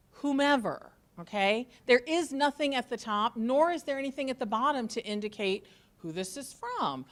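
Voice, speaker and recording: A woman college instructor giving an orientation talk to students, joking and sarcastic as she goes. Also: high-pitched.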